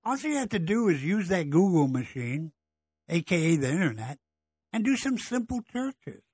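A man's voice: high voice, big pitch swings, normal speed, darkish tone, husky, dry recording. A middle-aged man hosting a blunt, exasperated political monologue, ranting about government and politicians. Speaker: political commentary host.

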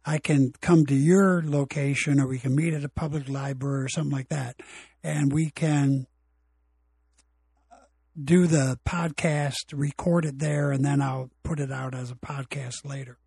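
Husky-voiced opinionated man, rambling podcast. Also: mid-range voice, fairly even intonation, measured pace, a little mellow, no room sound. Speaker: podcast host. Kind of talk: casual solo podcast monologue. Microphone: home recording equipment.

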